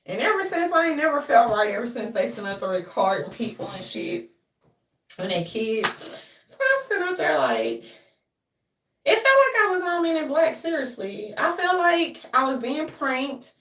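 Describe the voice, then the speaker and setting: Profane, animated woman in an echoey room. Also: sits high, moderate pace, distant mic. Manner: profane, animated storytelling with laughs and mimicry. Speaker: commentary streamer. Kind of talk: casual rant.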